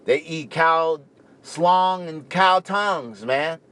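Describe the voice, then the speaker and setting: A young man from the Caribbean talks casually and at length, his voice sitting a little higher than most men's. He rambles in an animated way, tossing in "you know" and "right" constantly. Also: slow, clear, resonant tone. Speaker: vegan speaker. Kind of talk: casual talk to camera.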